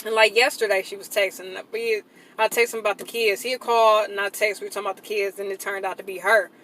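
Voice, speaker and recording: A woman speaking to camera in a blunt, profane, emphatic rant, swinging into loud outbursts. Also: mid-range voice, level tone, fast, a little hiss or hum, poor audio. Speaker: vlogger. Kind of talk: casual venting monologue.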